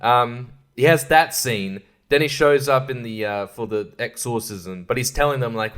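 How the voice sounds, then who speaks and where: Reviewing films on his podcast, this young host rambles through a casual monologue full of sarcasm, frequent laughs and mocking voices. His voice is medium-pitched and a bit bright, at a moderate pace with few pauses.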